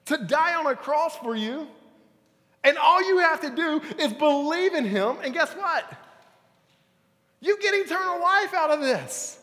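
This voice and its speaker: A man in his thirties preaching a lively sermon, playful and talking straight to the room with bursts of excitement. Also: very high-pitched, in a large hall. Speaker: youth pastor. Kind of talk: lively sermon to a young crowd. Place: large church hall.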